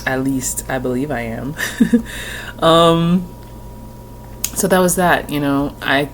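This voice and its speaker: A woman hosts her own tarot channel from home, rambling chattily with frequent laughter and the occasional swear word. Her voice sits low and slow, with a little hiss or hum in the audio.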